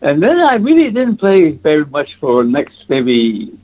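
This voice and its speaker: A man's voice: on the high side, wildly swooping pitch, measured pace, darkish tone, rough recording. Man in his eighties reminiscing. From French Canada, Quebec. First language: French. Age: 80s. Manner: rambling, reminiscing, chuckling. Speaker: guest. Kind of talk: casual interview storytelling.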